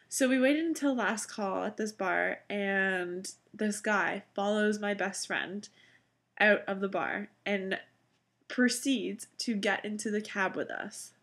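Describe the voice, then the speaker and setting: Chatty young woman telling a story. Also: medium pitch. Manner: chatty, animated, frequent "like" fillers and laughs. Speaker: vlogger. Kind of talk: casual storytelling to camera.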